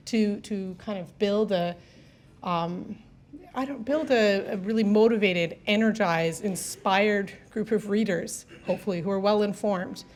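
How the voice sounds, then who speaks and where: A woman's voice: mid-range voice, darkish tone, a little hiss or hum. Earnest woman speaking to a room. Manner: earnest, slow, searching delivery with restarts. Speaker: event speaker. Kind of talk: live speech to an audience.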